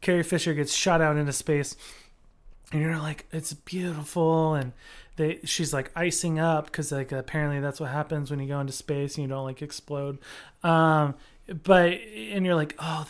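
A podcast co-host with a steady, somewhat high voice talks at a moderate pace in a casual chat. He rambles along with lots of fillers, restarts and swearing.

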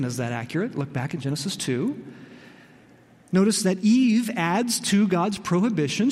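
A pastor preaching a sermon in an expressive, emphatic way, slowing down on key phrases. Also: male voice, sits high. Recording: long reverb in a large hall.

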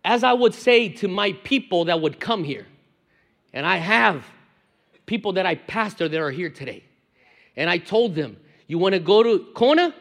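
A man's voice: high voice, animated, normal speed, a bit bright. A middle-aged man from Brazil, a native Portuguese speaker with a Brazilian accent, preaching a passionate, emphatic sermon to a live audience. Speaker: pastor. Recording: reverberant hall.

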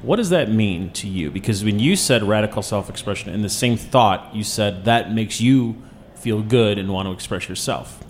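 A man's voice: fairly low pitch, animated, moderate pace, slight background noise. A man hosting a radio show, interviewing a guest in a teasing, playful way. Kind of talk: casual interview.

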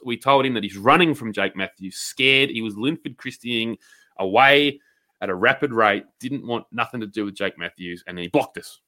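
Sweary, bright-voiced man. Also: lowish voice. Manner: blunt, sweary, mock-outraged. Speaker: podcast co-host. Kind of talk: casual chat.

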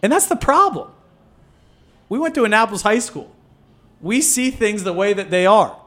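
Animated higher-voiced man telling stories. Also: moderate pace. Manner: animated, swears, storytelling. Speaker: food nonprofit co-founder. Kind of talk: casual podcast interview.

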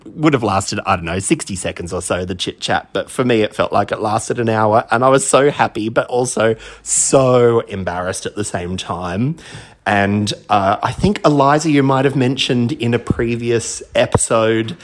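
A man's voice: mid-range voice, normal speed. A man from Australia, a DJ, telling a self-deprecating anecdote in a chatty recorded message. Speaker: DJ sending in a story.

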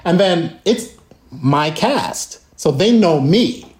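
A man telling a profane, animated story as a guest on a video call, acting out voices and drum sounds. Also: on the high side, slow pace, reverberant.

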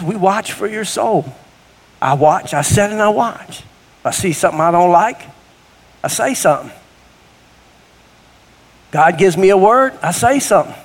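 A middle-aged man preaching a sermon in a church, folksy and conversational, with sudden rises in force. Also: fairly high pitch. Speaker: guest preacher. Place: church sanctuary. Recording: long hall reverb.

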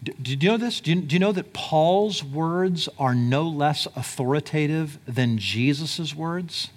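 Emphatic male preacher, fairly high voice. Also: unhurried. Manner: emphatic preaching, swings between loud exclamations and low quiet asides; conversational, with fillers like "like" and "right?". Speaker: pastor. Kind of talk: sermon.

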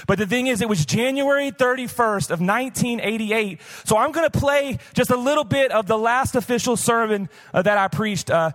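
A man's voice: extremely high pitch, normal speed, hardly any pauses, fairly bright tone, in a large hall. A man from the Missouri Boot Heel preaching a casual live sermon as pastor, candid and chatty with many "like" fillers. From Missouri Boot Heel, USA. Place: church auditorium, live.

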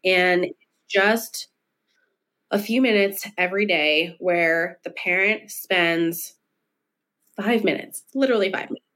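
A woman's voice: on the low side, slow pace, pauses often, fairly bright tone. A woman clinical psychologist, a podcast guest, explaining her work in a conversational way and stretching out the words she wants to stress. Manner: explanatory, with stretched emphasis on key points. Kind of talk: conversational interview.

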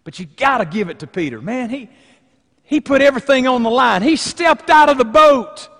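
Male pastor, high-pitched, dynamic pulpit delivery in a reverberant church hall. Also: lively intonation, normal speed. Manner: dynamic preaching, swinging between loud emphasis and hushed lines. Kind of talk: sermon. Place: church sanctuary.

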